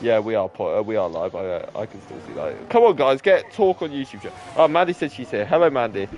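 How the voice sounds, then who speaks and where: A man's voice: medium pitch, very animated, fast talker, a little mellow, soft background music. A man commentating a sim racing league stream in a chatty, joking way. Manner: chatty, laughing, banter. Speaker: race commentator.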